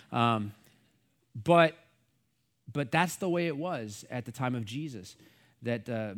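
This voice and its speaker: Middle-aged American male pastor, relaxed chatty teaching style, rambling with asides, voice a touch high. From United States. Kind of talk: casual Bible teaching.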